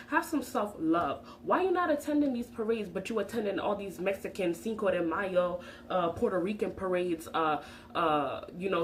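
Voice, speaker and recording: A woman's voice: mid-range voice, slight background noise, rough recording. A young woman vlogging her opinions, emphatic and preachy, talking with her hands. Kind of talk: passionate opinion vlog.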